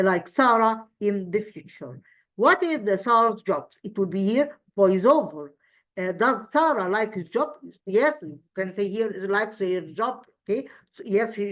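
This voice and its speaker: Reviewing English grammar ahead of an exam, this teacher, a native Arabic speaker with an Egyptian accent, is animated yet halting, restarting often and answering her own questions. She has a medium-pitched voice, and the recording is muffled.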